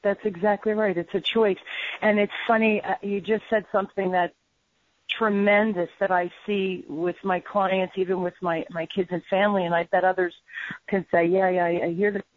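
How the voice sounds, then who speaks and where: A woman business trainer telling stories in a conversational interview, animated and full of "you know" fillers. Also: mid-range voice, normal speed, no echo. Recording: dull lo-fi audio.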